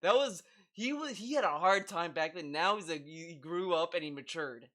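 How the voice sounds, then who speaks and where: A man streaming live and reacting to videos, talking in an excitable, stammering way. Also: on the high side, moderate pace. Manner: animated, excitable, stammering repeats.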